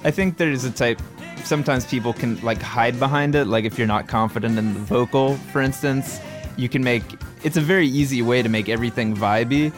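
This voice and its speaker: A man's voice: medium pitch, fairly quick, over music. A man, a musician guest, talking shop casually and thoughtfully, often restarting his sentences.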